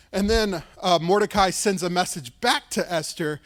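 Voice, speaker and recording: A male pastor with a high voice tells a story during his sermon. He talks casually and loosely, dropping "like" and "right?" often, and often leans on dramatic emphasis. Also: normal speed, hardly any pauses. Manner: casual, lively retelling with fillers like "like" and "right".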